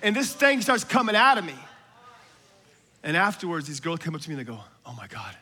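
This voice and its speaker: A man preaching a sermon, moving from hushed, whispered asides to loud, shouted exhortation, with casual slang and laughter. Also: sits high, big pitch swings, a little fast. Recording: long hall reverb from a large room.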